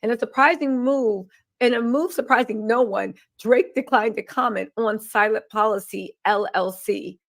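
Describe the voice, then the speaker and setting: A woman's voice: fairly high pitch, normal speed, vocal fry. A woman co-hosting a live show, reading news items aloud and adding sarcastic, wry asides.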